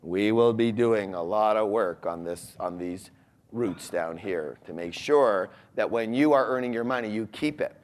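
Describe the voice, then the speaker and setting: Speaking unhurriedly in a lowish voice, a man leads an animated motivational seminar for a live audience in a large room. Questions to the audience come often.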